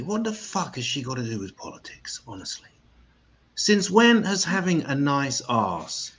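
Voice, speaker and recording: An English man hosts a comedy open mic with crude, self-deprecating banter. His voice swings widely in pitch as he jokes. A faint hiss sits under the recording. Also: poor audio. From England. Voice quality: profane, self-mocking, animated. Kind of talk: stand-up banter.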